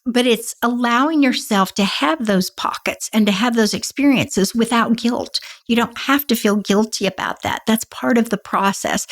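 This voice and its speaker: Gentle, reassuring higher-voiced woman. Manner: gentle, reassuring, acts out inner thoughts. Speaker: podcast co-host. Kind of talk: conversational advice talk.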